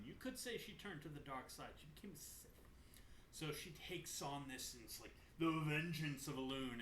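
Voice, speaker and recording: A young man casually recapping a game's story, animated, joking and swearing freely. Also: on the high side, a little hiss or hum. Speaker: gaming channel host. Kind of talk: casual game lore recap. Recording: roomy echo.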